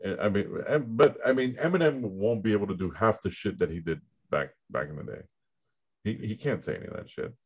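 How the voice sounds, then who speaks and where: Man, podcast host, lowish voice, casual, swears freely, runs through news items. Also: lively intonation, brisk, slightly rough. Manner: loose and profane, reads out news items. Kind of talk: casual chat.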